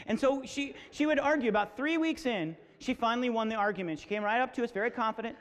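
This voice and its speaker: A man's voice: very high voice, fast talker. A man in his forties telling comic stories to students at a school assembly, acting out voices. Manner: animated, acts out voices, comic. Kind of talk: storytelling talk to students. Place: school hall. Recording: echoey hall.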